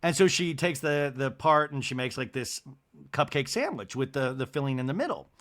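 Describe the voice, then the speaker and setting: A man hosting a podcast, recapping a reality TV episode solo with an animated, storytelling delivery. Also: mid-range voice, moderate pace. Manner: animated retelling, acting out cast members' lines in put-on voices. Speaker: podcast host.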